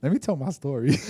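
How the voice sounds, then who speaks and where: A man's voice: medium pitch, very noisy. A man in his forties, co-hosting a podcast, tells a rambling story in casual chat full of fillers and restarts. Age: 40s. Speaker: podcast co-host.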